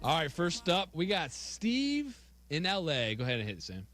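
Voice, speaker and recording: A male co-host on sports talk radio, easygoing and quick to laugh. His voice sits a little high. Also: wildly swooping pitch, a bit bright, faint music behind.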